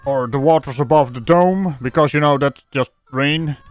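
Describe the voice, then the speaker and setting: A man's voice: fairly high pitch, moderate pace, soft background music. A man hosting a mocking comedy commentary video, talking in a sarcastic, ranting, jokey way.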